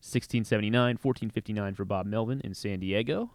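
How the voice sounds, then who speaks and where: A man's voice: lowish voice, fast talker, dry recording. A man on sports radio quizzing his co-host, reading out figures and dropping hints. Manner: quizmaster reading out stats and giving hints. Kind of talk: casual sports talk quiz. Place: radio studio.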